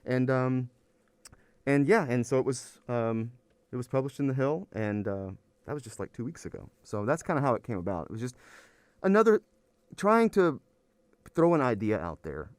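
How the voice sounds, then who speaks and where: A man's voice: medium pitch, fairly quick, a little mellow, dry recording. A man, an anthropology professor, talking in a casual podcast interview, rambling and worn out, often restarting his sentences. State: weary.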